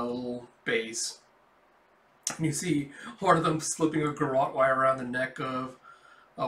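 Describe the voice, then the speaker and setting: A man's voice: medium pitch, pushed and bright, far from the mic. A man casually reading a comic book aloud, describing the panels with frequent filler words. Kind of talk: casual comic readthrough narration. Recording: echoey room.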